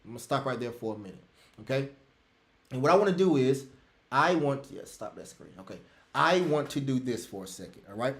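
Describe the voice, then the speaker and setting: A man's voice: mid-range voice, lively intonation, a little fast, echoey room. A man teaching an online trading class on a live webinar, emphatic and repetitive, calling out to everybody. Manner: emphatic, rants loudly then drops to soft asides. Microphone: computer mic on a video call.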